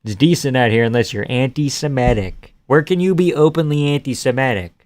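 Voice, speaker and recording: A man's voice: medium pitch, expressive, a little fast, darkish tone, dry recording. A young man hosting a live stream, casually reading out viewer comments and joking crudely in an offhand way.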